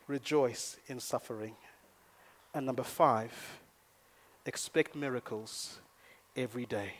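Energetic preaching man, rather high voice. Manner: energetic, storytelling, rising to loud emphasis. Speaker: pastor. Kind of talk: sermon. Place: church in Nairobi.

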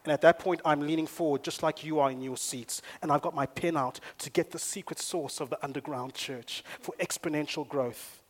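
A man preaching a sermon in a church, telling stories with energy and rising to loud emphasis. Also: on the high side, steady tone, normal speed, hardly any pauses. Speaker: pastor. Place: church in Nairobi.

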